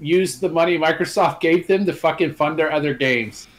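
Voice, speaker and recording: High-voiced casual gaming co-host man. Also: normal speed.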